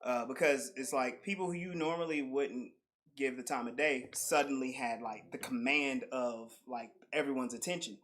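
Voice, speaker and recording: A man's voice: mid-range voice, moderate pace, a bit bright. A young adult man co-hosting a casual podcast, rambling and full of "like". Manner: rambling, heavy use of "like". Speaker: podcast co-host. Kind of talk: casual group chat.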